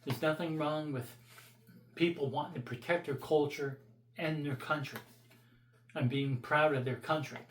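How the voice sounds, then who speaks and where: A man's voice: on the high side, steady tone, normal speed, pauses often, roomy sound. A man vlogging his opinions in a blunt, profane, rambling rant.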